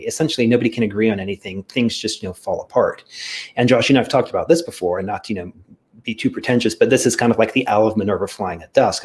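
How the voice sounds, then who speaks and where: A man co-hosting a podcast, explaining at length in a casual way, with frequent "you know" fillers. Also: lowish voice. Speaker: podcast co-host. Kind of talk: casual discussion.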